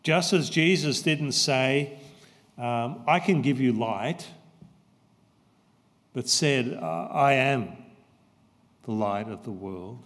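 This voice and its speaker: Slow-preaching pastor in a reverberant church. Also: male voice, mid-range voice, lively intonation, a bit bright. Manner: slow, emphatic, repeats key phrases. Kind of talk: sermon.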